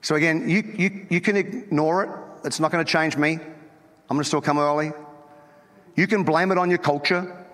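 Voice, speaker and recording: Guy preaching a sermon, kinda high bright voice, jokey and pushy, stumbles over words, big echoey church hall. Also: fairly even intonation, normal speed. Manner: emphatic, teasing humor, stammered repeats. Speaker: pastor. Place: church auditorium. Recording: long reverb from a large hall.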